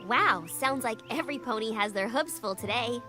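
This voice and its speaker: A woman voicing a friendly young female unicorn pony in a cartoon, talking in a brisk, bright way. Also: on the high side, expressive, music in the background, close to an everyday voice. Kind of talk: cartoon voice acting.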